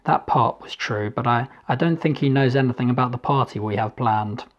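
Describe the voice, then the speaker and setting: A man's voice: mid-range voice, a little fast, muffled recording, lightly acted. A man voicing a friendly, courteous male party host in an audiobook reading.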